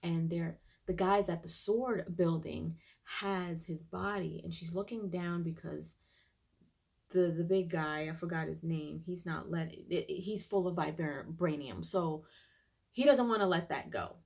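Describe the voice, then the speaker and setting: Gravelly low-voiced woman recapping casually. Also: measured pace, a little mellow. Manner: chatty, many fillers and restarts. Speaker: YouTube TV reviewer.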